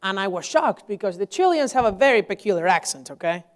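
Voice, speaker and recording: A man's voice: sits high, fast talker. Young man telling stories animatedly. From Venezuela. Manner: animated storytelling, frequent restarts. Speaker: guest speaker. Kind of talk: public lecture. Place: lecture hall.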